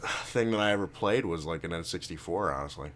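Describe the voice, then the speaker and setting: A man's voice: deep voice, lively intonation, fairly quick, fairly bright tone. A young man co-hosting a casual podcast chat, laid-back and teasing. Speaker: podcast co-host.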